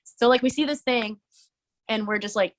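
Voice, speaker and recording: A woman's voice: fairly high pitch, moderate pace. Chatty young woman, filler-heavy storytelling. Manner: rambling, lots of "like" fillers, laughing. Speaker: musician and streamer, podcast guest. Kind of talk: casual interview chat.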